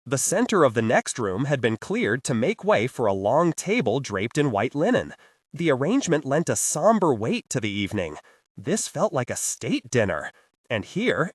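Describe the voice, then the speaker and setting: Male audiobook narrator, lively pitch, dry close-mic sound. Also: breathy edge, no echo. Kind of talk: scripted narration.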